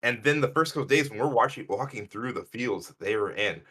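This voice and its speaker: A podcast co-host from Illinois tells rambling stories in casual chat, speaking a little fast with a breathy edge. He's animated and acts out other people's lines in a higher voice.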